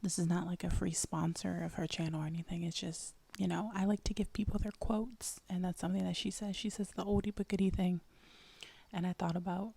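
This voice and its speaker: A woman hosting her own ASMR channel, rambling casually in a breathy whisper, in a whispered role-play style. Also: mid-range voice, fairly even intonation, brisk, dark tone, no room sound.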